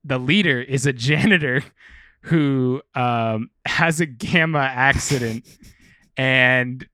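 A man's voice: medium pitch, slow pace, pushed and bright, no echo, studio quality. A man co-hosting a podcast, chatting casually and rambling, with some swearing. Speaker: podcast co-host. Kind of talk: casual chat about comics.

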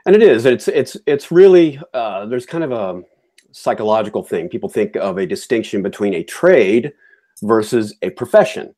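A man's voice: lowish voice, expressive, normal speed, dark tone. A man hosting a podcast, giving his opinions in a chatty, casual way. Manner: chatty and opinionated, with frequent fillers and restarts. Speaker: podcast host.

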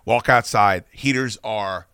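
A man hosting a podcast, telling rambling, profane anecdotes in a casual, animated way. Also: fairly low pitch, slow, clean tone, no room sound, clean studio sound. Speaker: podcast host. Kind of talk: casual storytelling chat.

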